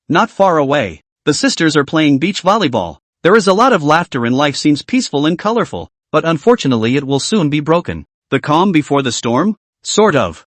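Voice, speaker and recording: Lively man narrating a comic recap. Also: fairly high pitch, dry recording.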